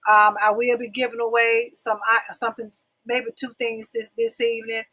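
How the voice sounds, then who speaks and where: A woman's voice: fairly high pitch, level tone, moderate pace, sharp tone, low-quality recording. A middle-aged woman hosting a casual livestream talk show, chatty and repetitive, talking straight to her viewers. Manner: chatty, repeats phrases, calls audience y'all.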